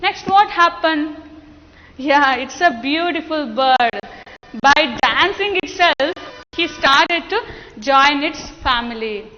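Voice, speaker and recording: A woman teacher with an Indian English accent, slowly explaining a lesson to children and coaxing the class with questions. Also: sits high, expressive, bright, forceful tone, slight background noise. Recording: dull lo-fi sound with long echo.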